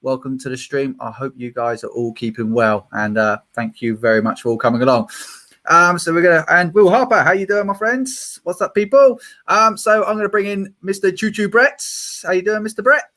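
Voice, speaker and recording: A man's voice: sits high, fairly quick, bright, forceful tone. A man with a British accent hosting a casual group livestream, chatty and self-mocking, laughing often. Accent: British English. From Britain. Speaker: stream host.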